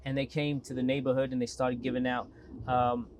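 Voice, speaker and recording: A man with a South African accent, talking as a guest in an interview and telling stories with animated energy. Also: medium pitch, fairly quick, slight background noise. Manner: animated storytelling with lively acted quotes. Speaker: mayoral candidate guest. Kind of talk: casual interview talk.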